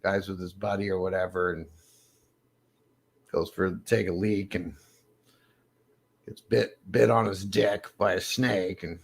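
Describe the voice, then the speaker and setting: A man's voice: low-pitched, fairly even intonation, unhurried, vocal fry, pauses often, slightly rough. A man hosting a loose comedy show, chatting casually and laughing often. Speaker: host.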